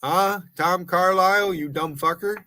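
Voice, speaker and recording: This high, slightly slow voice with a sharp edge belongs to an American man in his sixties. He's on his livestream, cursing and picking fights in an angry rant.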